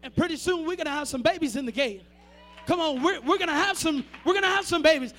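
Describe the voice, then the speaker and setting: A man preaching a fervent sermon, repeating phrases and building from quiet to shouting. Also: very high-pitched, quick pace. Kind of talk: Pentecostal-style sermon.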